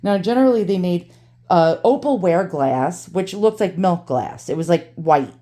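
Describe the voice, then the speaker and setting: A woman's voice: on the low side, expressive, unhurried, warm tone. A woman with a New York accent hosting an antique unboxing vlog at home, ranting and cursing, then turning cheerful. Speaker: antique channel host. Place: home with dogs.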